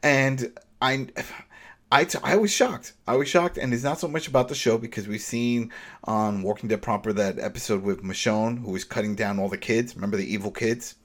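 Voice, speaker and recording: A man co-hosting a casual chat, retelling scenes with lively energy and acting out the characters. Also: mid-range voice, moderate pace. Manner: animated, acts out scenes with shifting voices. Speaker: podcast co-host.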